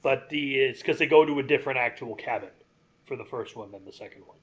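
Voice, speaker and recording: A man in an easygoing podcast chat, rambling eagerly from one bit of trivia to the next. His voice sits at an ordinary middle pitch, and his delivery is loose and conversational. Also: fast talker. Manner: chatty, rambling movie trivia, enthusiastic. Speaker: podcast co-host. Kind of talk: casual gaming podcast chat.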